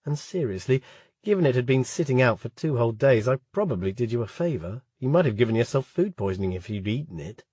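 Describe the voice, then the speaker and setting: A man's voice: mid-range voice, big pitch swings, fast talker, warm tone, slightly rough, dry recording. A man voicing a mild, tidy young male student who speaks in a matter-of-fact way.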